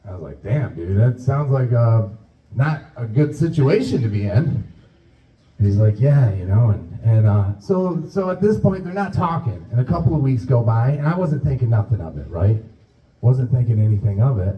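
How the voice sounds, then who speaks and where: A man doing stand-up, telling a rambling, profane story and acting out both sides of the conversation. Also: medium pitch. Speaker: stand-up comedian. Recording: roomy, distant, dull club recording.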